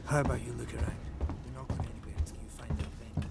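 A man's voice: mid-range voice, little pitch movement, fast, vocal fry, heavy background noise, lightly acted. An actor playing a terse, cautious male survivor guiding the way through a game. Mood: wary. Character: wary male survivor guide, tense. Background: loud game music.

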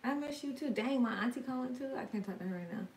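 A woman's voice: a little high, lively intonation, fast, far from the mic, slight background noise. Woman, tarot stream host, loose and slangy, reads chat aloud; set back from the mic in a roomy space with faint ambience. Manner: chatty, reads viewer comments aloud and answers them; frank and slangy, swears now and then. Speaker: tarot reader hosting a live stream. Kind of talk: casual live-stream chat.

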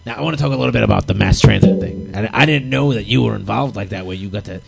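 Gravelly-voiced man hosting a chat. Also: on the low side, fast talker, over music. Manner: brief backchannel replies. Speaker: podcast host. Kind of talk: casual interview chat.

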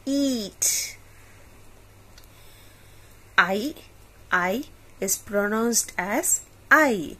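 Slow, husky woman teaching phonics. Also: medium pitch, animated, a bit bright. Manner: slow, drawn-out, repeating each sound. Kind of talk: phonics lesson for children.

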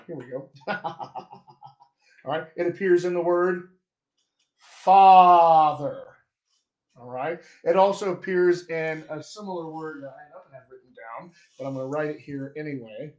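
A man teaching accents as a dialect coach in a live stream, talking to viewers and demonstrating vowels slowly. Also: on the high side, darkish tone, reverberant, dull audio. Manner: slow, demonstrative, drawn-out vowel examples; chatty, addresses viewers directly. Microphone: webcam or phone on a live stream.

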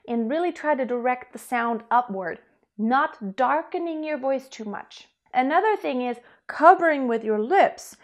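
A young woman coaching singers with a slightly high voice. She explains vocal technique in an easy, chatty way and breaks into short sung demonstration notes. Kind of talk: singing lesson.

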